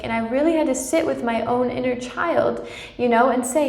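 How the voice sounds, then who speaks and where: A young woman with a fairly high voice talks softly and reassuringly about her own feelings, pausing often to check in with her listeners. Her voice carries a noticeable echo from the room around her. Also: creaky. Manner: gentle and reassuring, often adds "right?". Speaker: spiritual channel host. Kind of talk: personal spiritual talk to viewers.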